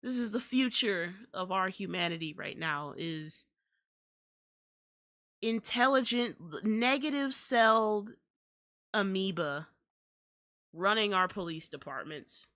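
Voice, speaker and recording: A woman's voice: mid-range voice, lively intonation, slow, long pauses, sharp tone. A young adult woman hosting a podcast, ranting in exasperated, profane commentary. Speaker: podcast host.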